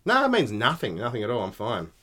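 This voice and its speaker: A man's voice: medium pitch, wildly swooping pitch, fast talker, bright, forceful tone. A man co-hosting a podcast, chatting in joking, sweary banter with a stuffy nose. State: congested sinuses. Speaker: podcast co-host. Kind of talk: casual chat.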